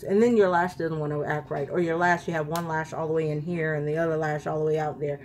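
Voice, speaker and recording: A woman vlogger chats straight to her viewers while she works through a makeup tutorial. Her talk is casual and rambling, with little rants along the way. Her voice sits low, and a faint room hum runs under it. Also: flat delivery, brisk, darkish tone. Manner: chatty, ranting, talks to viewers directly. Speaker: beauty vlogger.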